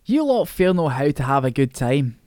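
A man voicing a hefty, blunt teenage footballer who is gruff and plain-spoken. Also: mid-range voice, sing-song, moderate pace, darkish tone, no room sound, clean studio sound, close to an everyday voice.

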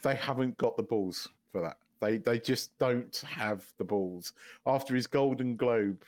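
A man co-hosting a podcast in casual chat, talking in an animated, sweary way and laughing often. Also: medium pitch, a little slow. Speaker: podcast co-host.

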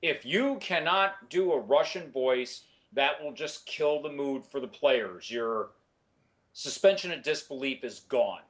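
A man's voice: medium pitch, measured pace. A man in a casual podcast chat who makes his points emphatically.

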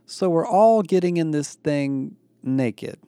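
A man's voice: on the high side, animated, slow, warm tone, clean tone, dry recording, voice pushed up. A man voicing a sarcastic teenage boy with a bitter, dry delivery.

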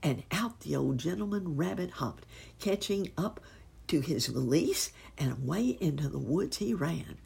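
A woman reading a children's storybook aloud, with expressive, unhurried storytelling. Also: deep voice, vocal fry, slightly rough. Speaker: narrator.

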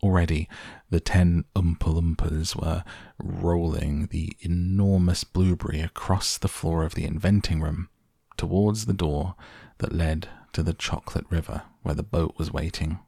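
A man narrating a children's story in a measured, deliberate way. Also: deep voice, fairly even intonation, gravelly, dark tone, husky, dry recording, clean studio sound. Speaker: audiobook narrator.

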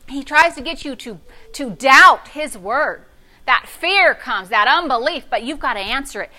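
In a high voice at a measured pace, a middle-aged woman preaches a sermon built around a story. She is a pastor, and her sassy, animated style ranges from hushed tones to loud ones.

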